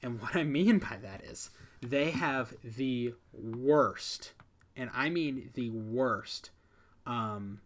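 A man's voice: medium pitch, extremely slow. A young man co-hosting a podcast in casual chat, talking loosely with many fillers. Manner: ranting, frequent "like" fillers. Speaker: podcast co-host.

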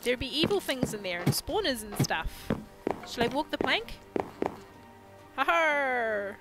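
A woman chatting playfully through a game session, her fairly high voice swinging widely in pitch. She jokes along and drops into mock pirate talk now and then. Loud background music plays under her. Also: sing-song, normal speed. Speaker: let's play host. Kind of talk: casual gameplay commentary.

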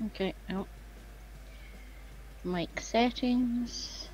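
A woman co-hosting a game stream in casual chat, chatty and quick with quips. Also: on the high side, a little mellow, a little hiss or hum. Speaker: stream co-host. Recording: dull lo-fi, faint music.

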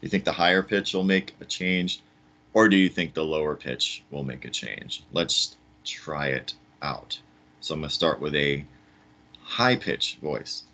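A man's voice: very deep voice, fairly even intonation, measured pace, pushed and bright, slight background noise. A man teaching a science lesson for kids in a chatty, upbeat, demonstrating way.

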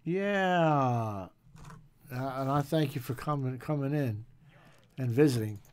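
A man's voice: mid-range voice, lively intonation, takes it slowly, a little mellow. Playful man narrating his gameplay. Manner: jokey, playful, growls pirate noises. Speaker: gaming channel host. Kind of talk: casual gameplay commentary.

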